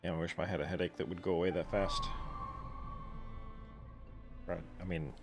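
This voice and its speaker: A man's voice: sits low, level tone, normal speed, over music. A man streaming a video game, making dry, joking asides at the story. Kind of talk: let's-play commentary.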